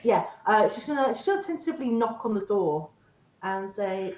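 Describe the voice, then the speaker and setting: A woman's voice: medium pitch, lively intonation, brisk, a little mellow. Hesitant woman player, roomy sound. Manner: hesitant, many fillers. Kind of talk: narrating her character's actions.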